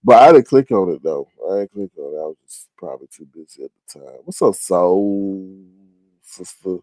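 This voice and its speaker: This man sits low in pitch with a sing-song delivery, moderate pace and darkish tone, and there's no echo. As a livestream host doing casual live-chat commentary, he's sleepy and yawning, rambling, trailing off and restarting his thoughts.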